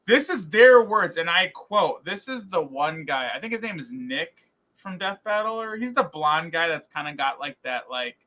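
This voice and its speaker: A man co-hosting a podcast in casual chat, rambling and animated, with many fillers and restarts. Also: a little high, normal speed. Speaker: podcast co-host.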